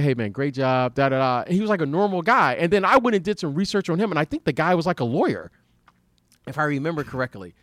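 A former basketball player in his fifties talks on his podcast in a slightly high voice. He stops and restarts his sentences, repeats words and laughs often. The sound is close and dry. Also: fairly bright tone, no echo. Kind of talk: casual podcast chat.

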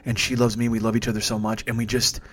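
A man's voice: lowish voice, flat delivery, fast, a bit bright. A man voicing a distraught young male passenger who rambles, stammers and swears. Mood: pleading.

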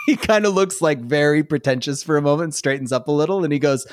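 A man's voice: fairly high pitch, a little fast, no echo, studio quality. A man narrating as game master of a tabletop role-playing game, chatty, laughing, and full of fillers.

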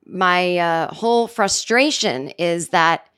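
A woman's voice: fairly low pitch, slow pace, a bit bright, clear, resonant tone. A middle-aged woman hosting a solo comedy podcast, talking into a studio microphone in a sarcastic, rambling way full of self-deprecating asides. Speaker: podcast host.

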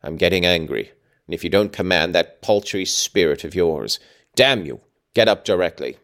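A man reading aloud, voicing a cruel, scornful middle-aged father in a low, curbed, menacing tone. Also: animated, moderate pace, fairly bright tone.

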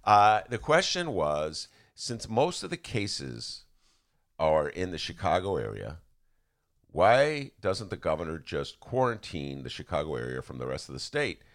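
Lively, bright-voiced male podcast host. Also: unhurried. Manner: animated, acts out quotes with big pitch swings; rambling, restarts often. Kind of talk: casual political chat.

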